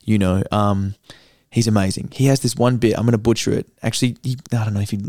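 A young man, a new comedian, talking earnestly and excitedly in a casual podcast chat, often restarting his sentences. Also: fairly low pitch, fast talker, no echo, studio quality. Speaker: guest comedian.

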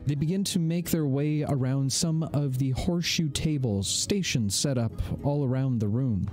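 Chatty man game master, mid pitch. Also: moderate pace, soft background music. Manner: relaxed, chatty, laughs often. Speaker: game master and show host. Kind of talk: live-streamed tabletop game narration.

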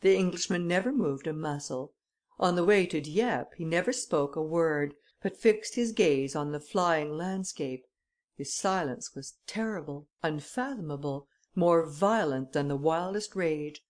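A woman narrating an audiobook in a measured, expressive storytelling manner. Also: deep voice. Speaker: audiobook reader. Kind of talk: scripted narration.

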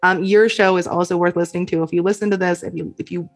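A woman's voice: on the low side, steady tone, fast. Playful woman podcast host. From Canada. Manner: playful, laughs often, quizzing her guest. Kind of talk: casual chat.

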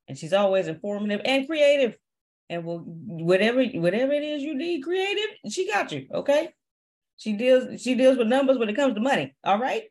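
A man's voice: sits high, darkish tone. A host opening a casual livestream in an upbeat way, laughing and fumbling through the introduction of his co-host.

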